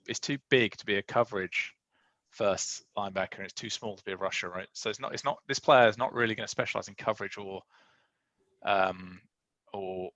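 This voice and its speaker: Gravelly man hosting a draft chat. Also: on the low side, pushed and bright, no room sound, poor audio. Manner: musing, hesitant, with many restarts and fillers. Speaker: league host leading a draft recap. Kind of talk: casual chat.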